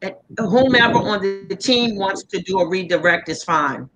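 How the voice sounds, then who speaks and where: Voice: mid-range voice, normal speed, background noise. A speaker acting as the judge in a mock trial, giving formal procedural instructions over a video call.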